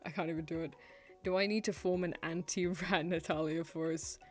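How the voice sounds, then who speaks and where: A woman's voice: fairly low pitch, steady tone, normal speed. A young woman streamer playing through a game with giggly, playful, self-mocking commentary, reading the narration aloud. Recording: faint music behind.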